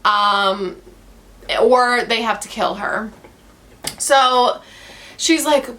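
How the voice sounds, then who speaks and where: A woman's voice: fairly high pitch, takes it slowly, bright, forceful tone, slight background noise. A young woman vlogging from home in a rambling, sarcastic way, full of fillers, as she reviews a book. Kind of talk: casual book review rant. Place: at home with her dog.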